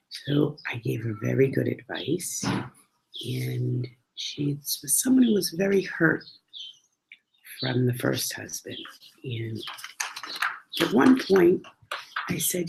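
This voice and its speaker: Gravelly-voiced woman telling road stories. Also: extremely low pitch, slow pace, long pauses, slight background noise, low-quality recording. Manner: chatty, animated, acts out quoted dialogue. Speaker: travel storyteller. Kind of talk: casual personal storytelling.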